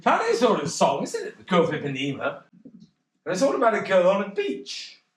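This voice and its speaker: A man's voice: high-pitched, wildly swooping pitch, a little fast. A guy playing a jittery stammering lounge pianist, voice all over the place, roomy far-off stage sound, bit of piano behind. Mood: flustered. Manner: stammering, rambling, giggly. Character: nervous rambling male cocktail pianist. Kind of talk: stage play acting. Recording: roomy sound heard from afar.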